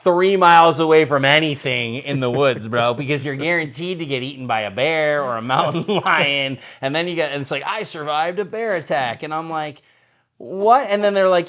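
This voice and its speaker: A man co-hosting a studio podcast, his voice sitting a bit higher than most men's. He tells stories with lots of energy, acts out the people in them and laughs often. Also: moderate pace. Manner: animated storyteller, acts out quotes, laughs often. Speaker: podcast co-host. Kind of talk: casual chat.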